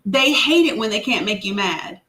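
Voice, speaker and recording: A woman's voice: mid-range voice, expressive, normal speed, bright, forceful tone. A woman with a Southern US accent hosting a live stream, teasing and sassy in casual commentary, laughing often.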